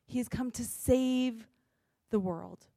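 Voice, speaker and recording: A woman pastor giving a sermon in an earnest, expressive way, acting out the lines she quotes. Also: fairly high pitch, slow, gravelly, no echo, studio quality.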